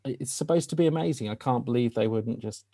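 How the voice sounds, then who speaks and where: Mellow hesitant man, dry mic. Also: mid-range voice, brisk, no room sound. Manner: hesitant, restarts phrases, laughs a lot. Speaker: podcast co-host. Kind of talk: casual podcast chat.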